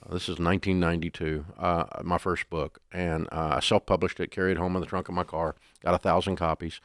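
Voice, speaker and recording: An older man as an interview guest, telling stories in a folksy, animated way. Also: deep voice, fast talker, dry recording, clean studio sound. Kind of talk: storytelling interview.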